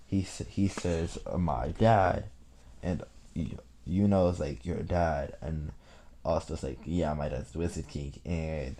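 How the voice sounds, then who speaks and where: A young man casually retelling a fan-made story, rambling and halting with many fillers and restarts. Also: a bass voice, warm tone, slight background noise.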